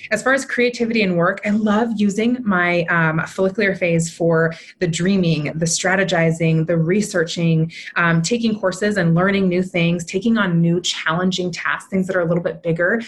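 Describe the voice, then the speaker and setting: A woman's voice: fairly low pitch, fairly even intonation, normal speed, few pauses. A woman in her thirties, a mentor and podcast guest, explaining in an upbeat, chatty way and often checking in with "right?". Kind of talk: podcast conversation.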